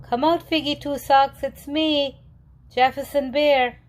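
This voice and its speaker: A woman voicing a big, gentle male brown bear in a read-aloud storybook, calling out earnestly and slowly. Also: on the high side, sing-song, voice pushed up. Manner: raised, earnest, slow calls.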